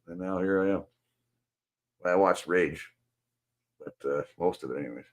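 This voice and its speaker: Deep-voiced man ranting profanely. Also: moderate pace. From Canada. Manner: profane, venting. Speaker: stream host. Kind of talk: casual rant to a guest.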